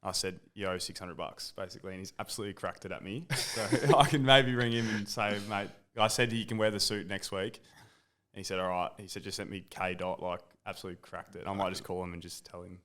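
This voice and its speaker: A man's voice: deep voice, fairly even intonation, quick pace, a bit bright. A young Australian man chatting as a podcast guest, telling stories and often laughing. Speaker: guest, club fines master. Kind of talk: casual podcast chat.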